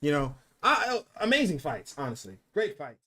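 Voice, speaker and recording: Brash high-voiced esports fight host. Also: male voice, normal speed, crowd noise. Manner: excitable, repetitive, brash trash talk. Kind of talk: post-fight commentary.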